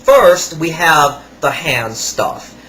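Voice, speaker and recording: A man voicing a pushy male kiosk salesman with a Russian accent, speaking slow, broken English in an insistent sales pitch. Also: lively intonation, sharp tone, heavily acted.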